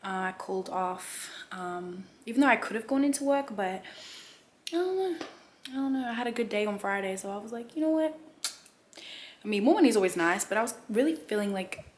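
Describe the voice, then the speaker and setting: Twenty-something girl rambling to her vlog cam, lots of ums, kinda hushed at times, noisy recording. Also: mid-range voice, lively intonation, brisk. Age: 20s. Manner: rambling, chatty, many fillers, sometimes hushed. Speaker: vlogger. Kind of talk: casual vlog chat. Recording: noisy background.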